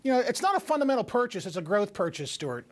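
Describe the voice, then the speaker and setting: A man's voice: sits high, very animated. A man appearing as a guest financial advisor, giving careful, hedged stock opinions. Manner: measured, hedging answers. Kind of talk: remote TV interview.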